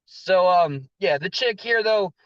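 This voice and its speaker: A slightly hoarse man telling a story in a rambling rant, with frequent restarts and fillers. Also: sits high, expressive, takes it slowly, fairly bright tone, no echo, highs cut off. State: slightly hoarse, losing his voice. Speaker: vlogger recounting a story.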